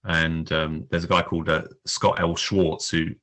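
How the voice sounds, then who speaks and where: A man's voice: deep voice, level tone, moderate pace, pushed and bright. A man co-hosting a casual film review podcast, talking hesitantly with many fillers while recalling cast details. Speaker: podcast co-host.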